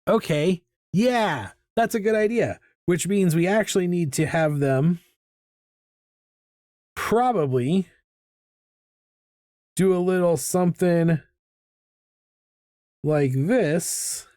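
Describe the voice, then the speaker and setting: A middle-aged man with a fairly high voice chats casually as he sketches, wandering from topic to topic and poking fun at himself. His sound is dry and close, with no room around it. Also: takes it slowly, long pauses, a little mellow, no echo. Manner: rambling, self-mocking and chatty. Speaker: artist hosting a live drawing stream. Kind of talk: casual chat while drawing. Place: home art studio.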